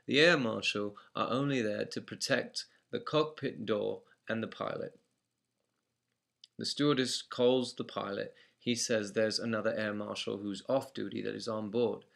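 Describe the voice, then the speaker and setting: A man's voice: on the low side, vocal fry, a bit bright. A man with an English accent telling a first-person anecdote in a matter-of-fact, dry way. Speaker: storyteller.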